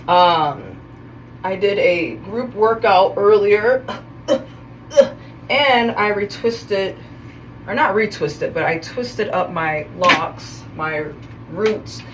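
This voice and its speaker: A woman talks casually while she styles her hair, rambling along at a slow, easy pace and often correcting herself. She sits a little away from the mic, and a faint noise hums in the background. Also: medium pitch, far from the mic, rough recording. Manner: rambling and chatty, correcting herself mid-sentence. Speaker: host of a self-care video series.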